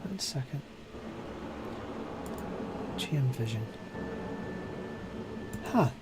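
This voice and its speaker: A man narrates as the game master of a tabletop role-playing game, slowly setting out each scene. His voice sits at a middle pitch. It is recorded at home with clear background noise. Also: expressive.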